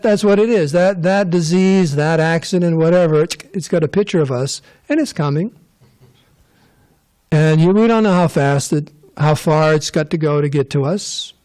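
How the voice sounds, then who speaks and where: A man's voice: a little high, mellow. A man giving a casual scripture class, rambling and joking with digressions. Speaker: temple class speaker.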